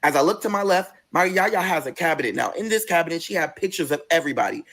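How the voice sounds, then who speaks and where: A man's voice: fairly high pitch, lively intonation, fast, fairly bright tone. A man hosting a storytime vlog, telling a story with emphatic, profane energy and acting out other people's lines. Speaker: vlog host.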